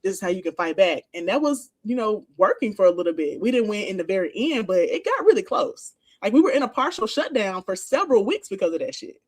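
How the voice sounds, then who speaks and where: A woman co-host with a mid-range voice talks politics in loose, casual conversation. She is frank and relaxed and swears freely, with the plain tone of an organizer talking among friends. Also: medium pitch, quick pace, few pauses, husky. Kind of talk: casual political talk-show chat.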